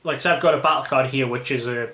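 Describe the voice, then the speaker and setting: A British man talks casually at a mid pitch, hosting and thinking aloud as he goes. He rambles and often restarts his sentences. The recording carries a noticeable room echo. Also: quick pace, bright, forceful tone. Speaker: channel host. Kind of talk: casual chat about a card game. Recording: echoey room.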